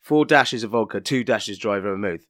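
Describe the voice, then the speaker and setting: A man's voice: lowish voice, moderate pace, a bit bright, no room sound, studio quality. A man co-hosting a podcast, chatting casually, teasing his friend and explaining things at length. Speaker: podcast co-host. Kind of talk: casual banter.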